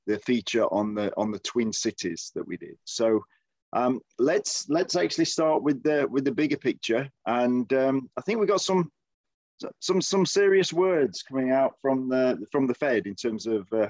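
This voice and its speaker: His mid-range, slightly mellow voice comes through with no room sound. Originally from the English Midlands and now based in Texas, he co-hosts a podcast, chatting casually and hesitantly with frequent fillers and restarts.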